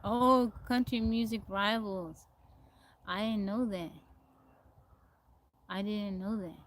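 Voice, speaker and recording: A woman's voice: medium pitch, a little hiss or hum. A woman from Texas chatting casually on a phone livestream, laughing often and answering viewer comments. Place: outdoors in nature.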